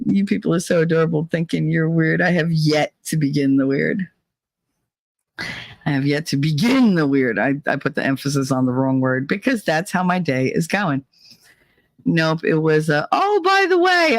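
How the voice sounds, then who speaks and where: A woman's voice: low-pitched, creaky, no echo. A woman hosting a casual livestream, chatting and reading viewer comments aloud, laughing often. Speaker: livestream host.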